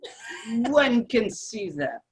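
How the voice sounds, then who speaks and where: A woman's voice: a little high, sing-song, takes it slowly, raised voice. A woman reading the part of a sly, scheming French agent at a virtual table read of a radio play, dry and falsely polite. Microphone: video call.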